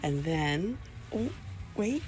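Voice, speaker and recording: A woman showing her new rabbits outdoors beside the hutches on her farm, chatting casually to the camera and cooing softly at the animals. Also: sits low, sing-song, drawn-out words, background noise. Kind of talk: casual vlog walk-through.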